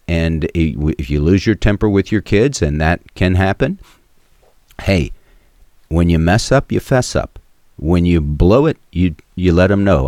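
A middle-aged man hosting a radio call-in show, teaching from the Bible in an earnest way and going quiet and soft when telling personal stories. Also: deep voice, no echo, clean studio sound. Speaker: radio show host and preacher.

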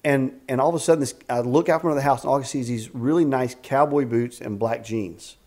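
A man's voice: medium pitch, fast talker. Man in his fifties telling faith stories. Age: 50s. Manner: animated storyteller with frequent restarts and faith talk. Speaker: executive director of a ministry camp. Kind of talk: casual storytelling interview. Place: a house at a rural camp.

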